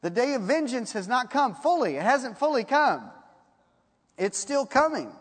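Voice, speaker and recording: Preacher, male, high voice, folksy storyteller, slow on scripture; hall reverb. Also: big pitch swings, breathy edge. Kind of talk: sermon.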